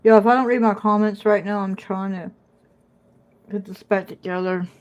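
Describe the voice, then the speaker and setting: A woman's voice: mid-range voice, steady tone, normal speed, darkish tone, dull audio. A woman chatting casually on a phone livestream at home, talking to viewers and scolding her dog in between. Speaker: puzzle live streamer.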